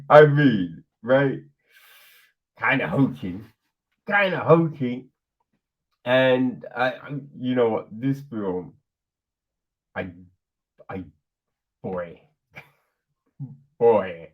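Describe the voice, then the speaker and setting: A man chats through a film review on his podcast with a lively, swooping voice, slow and drawn out. He laughs often and slips into mocking put-on voices for the characters. The audio is dull and lo-fi. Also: mid-range voice. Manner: animated, laughing, acts out quotes in put-on voices. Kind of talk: casual spoken film review.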